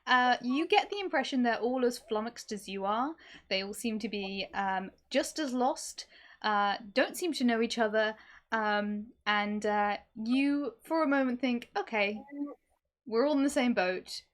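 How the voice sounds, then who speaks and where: A woman's voice: on the high side, measured pace. Chatty woman game master, ums a lot. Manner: rambling, many ums, chatty. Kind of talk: narrating a tabletop game on a live stream.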